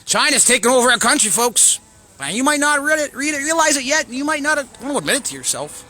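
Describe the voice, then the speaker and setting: A man, hosting his own show and ranting angrily to camera, profane, swinging between shouting and muttering. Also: very high voice, sing-song, fast talker. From Canada. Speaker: show host. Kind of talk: angry political rant to camera.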